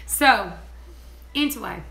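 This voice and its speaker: A woman chatting casually on her vlog, giggly and excitable. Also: mid-range voice, takes it slowly, gravelly. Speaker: homesteading vlogger. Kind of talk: casual chat.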